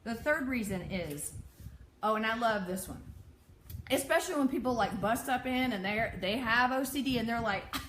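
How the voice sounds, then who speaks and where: A woman with a high voice speaks bluntly and sarcastically to her viewers in an exasperated rant. She laughs often. The room is echoey, with faint noise behind her. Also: expressive, moderate pace, a bit bright. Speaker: vlogger and OCD peer advocate. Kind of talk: direct-to-camera rant.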